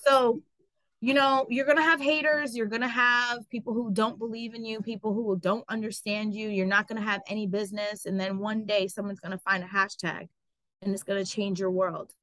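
A woman telling her story as an interview guest, animated and full of fillers like "like" and "um". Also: medium pitch, a little fast, no echo, low-quality recording. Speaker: guest, travel business owner. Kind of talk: casual interview.

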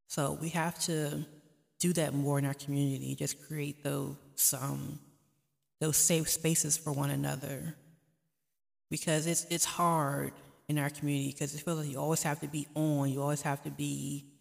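A woman's voice: sits low, level tone, measured pace, vocal fry. A woman hosting a vlog, talking earnestly and pleadingly to camera with faith-driven encouragement. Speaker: vlog host. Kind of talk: casual heartfelt talk to camera. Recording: long reverb, echoey room.

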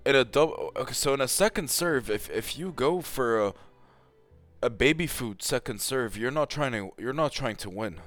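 A man in a fired-up, profane rant, hammering his points with repetition. His voice sits at an ordinary middle pitch, and faint music plays underneath. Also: lively intonation, moderate pace, a bit bright. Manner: profane, heated, emphatic. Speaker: tennis commentator. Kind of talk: casual opinionated rant.

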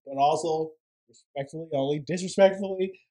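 A podcast co-host telling a story in casual chat, excitable and dramatic, laughing as the story goes. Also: mid-range voice, brisk.

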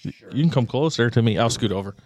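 A man's voice: medium pitch, expressive, fast talker, darkish tone. Laid-back laughing podcast host man. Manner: laid-back, laughs often, swears casually. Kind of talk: casual chat. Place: small home studio.

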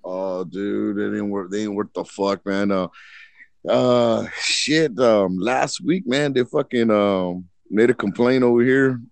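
A podcast co-host tells a long, rambling story, swearing often and acting out the voices of the people in it. His voice is on the low side with vocal fry, he speaks slowly, and the recording is dry.

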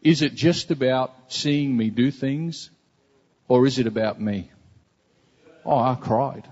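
A man's voice: medium pitch, measured pace, a little mellow. Earnest man preaching in an echoing hall. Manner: earnest, conversational preaching with repetitions. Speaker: pastor. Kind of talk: sermon. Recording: dull, reverberant hall recording.

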